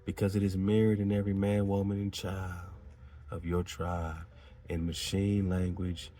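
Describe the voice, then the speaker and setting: A man's voice: low-pitched, completely flat delivery, moderate pace, dark tone. A man hosting a talk show, reading aloud and commenting in a preachy, emphatic way with slangy asides. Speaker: podcast host.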